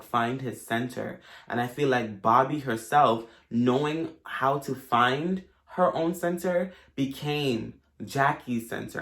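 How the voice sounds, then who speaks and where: A man reviewing a movie for his viewers in a casual, gushing, emotional way. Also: mid-range voice. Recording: roomy echo.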